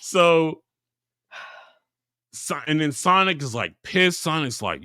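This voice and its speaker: A man's voice: on the high side, slow pace, long pauses, clear, resonant tone, no echo, studio quality. A man co-hosting a casual podcast, retelling a story with lots of laughter and acted-out voices. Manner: animated storyteller, laughs a lot, acts out characters. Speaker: podcast co-host. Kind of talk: casual chat.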